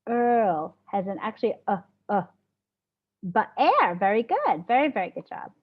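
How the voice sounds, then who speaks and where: A woman's voice: mid-range voice, sing-song, measured pace. A woman teacher leading a phonics lesson, patiently sounding out words and praising her students. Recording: dull lo-fi classroom audio.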